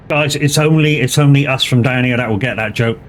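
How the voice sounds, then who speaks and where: A man's voice: medium pitch, a little hiss or hum. A man, chatting casually and joking with plenty of swearing as a live streamer. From Plymouth, England. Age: 40s. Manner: joking and profane, laughs often. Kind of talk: casual chat while playing a truck driving game.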